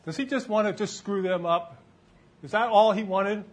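A man with a fairly high voice delivers a relaxed, conversational sermon. He keeps tossing questions out to the congregation and waits for their answers. It sounds like a church service in front of a live crowd. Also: moderate pace. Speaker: preacher.

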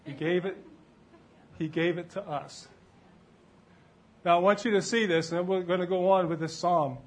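Higher-voiced man preaching a conversational sermon. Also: fairly even intonation, moderate pace. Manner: conversational, quizzes the congregation with questions. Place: church before a live congregation.

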